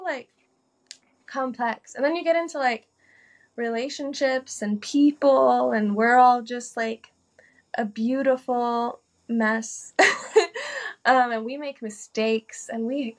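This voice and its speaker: A woman's voice: on the high side, unhurried. A woman guest on a podcast, talking earnestly and chattily, often saying "like". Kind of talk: casual conversation.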